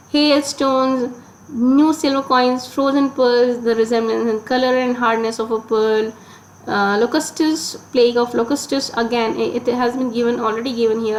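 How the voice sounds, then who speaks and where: A woman teacher talks through a grammar exercise, patient and repetitive, with small fillers. Her voice sits a little high. A faint hiss stays underneath. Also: rough recording. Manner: patient, repeats points step by step with fillers. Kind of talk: explaining an English grammar lesson.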